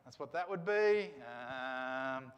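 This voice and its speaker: A man's voice: medium pitch, animated, takes it slowly, in a large hall, lo-fi sound. A man teaching a class to read Greek letters, coaxing students with questions and encouragement.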